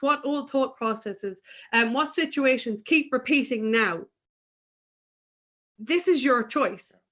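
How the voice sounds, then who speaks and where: A woman's voice: high-pitched, a bit bright. A woman guest in an earnest, emphatic spiritual conversation, speaking candidly about her own inner work.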